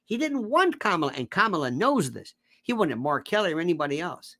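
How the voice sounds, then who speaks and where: A man delivering an animated, sarcastic political rant as a commentator, mocking his targets with sudden shouts and mutters. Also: fairly high pitch, no room sound, studio quality. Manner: sarcastic, mocking, puts on quick voices of others.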